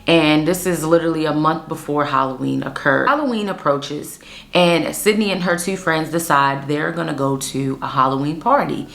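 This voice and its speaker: A woman in her thirties from Pennsylvania tells a true-crime story in a loose, chatty way, calling out to her listeners as guys. Her voice sits low, with a gravelly edge of vocal fry. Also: normal speed, fairly bright tone. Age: 30s. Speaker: host.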